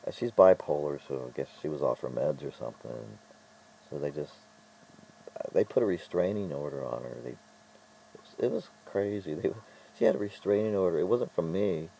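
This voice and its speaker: A middle-aged man talks straight to his audience in a loose vlog monologue. His voice sits very low and dark. He rambles and trips over his words, restarting often as he tells his stories. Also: expressive, vocal fry, slight background noise, poor audio. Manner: rambling, halting storytelling with frequent restarts. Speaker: vlogger.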